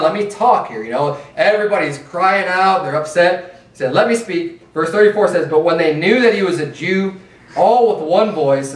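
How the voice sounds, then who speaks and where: A man's voice: a little high, roomy sound, far from the mic. A man preaching a sermon in a church in a loose, conversational way, mocking his opponents with chanted slogans. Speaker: pastor. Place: church sanctuary.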